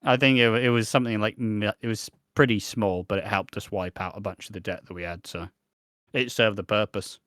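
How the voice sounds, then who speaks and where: A man's voice: lowish voice, fairly even intonation, brisk, fairly bright tone, no room sound, studio quality. A man co-hosting a podcast, chatting casually about a soap episode, rambling with lots of restarts and swearing. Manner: rambling, restarts, swears, laughs at his own points. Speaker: podcast co-host.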